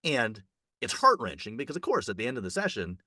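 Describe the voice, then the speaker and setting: A man reporting casually on a film festival, rambling with fillers and restarts and jumping up in pitch when excited. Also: brisk, dry recording, studio quality.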